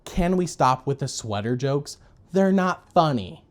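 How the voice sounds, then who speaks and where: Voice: medium pitch, lively intonation, a little slow, soft background music. A reviewer giving a comedic, wry rundown of a cartoon episode. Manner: wry, sarcastic commentary. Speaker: video reviewer.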